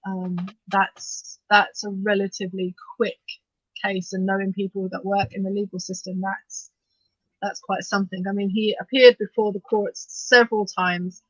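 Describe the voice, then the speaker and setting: Bright-voiced animated woman host. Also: medium pitch, dry recording. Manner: animated, talks fast in bursts with many restarts. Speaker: podcast co-host. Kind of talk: casual discussion of news. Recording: dull, dry lo-fi sound.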